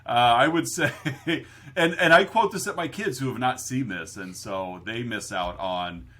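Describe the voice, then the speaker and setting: A man's voice: mid-range voice, a little slow, sharp tone. A man co-hosting a podcast in casual chat, laughing often and quoting movies. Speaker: podcast co-host.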